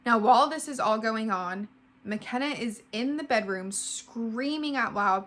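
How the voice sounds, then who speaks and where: Bright-voiced young woman telling a story. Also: a little high, unhurried. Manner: heavy use of "like", emotional retelling. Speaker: vlogger. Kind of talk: casual storytime narration.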